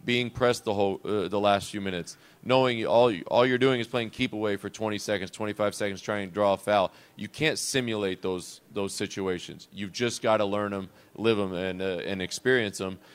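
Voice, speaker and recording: A man's voice: on the low side, steady tone, normal speed, few pauses, smooth. A man, a head basketball coach, talking in a reflective, loose and unscripted way on a coach's show. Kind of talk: conversational coach's show interview.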